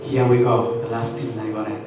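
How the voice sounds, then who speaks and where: A man preaching a sermon as a minister, impassioned and building to shouted praise. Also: mid-range voice, flat delivery, fairly quick, noisy background. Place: church sanctuary. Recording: echoey church from far off with music.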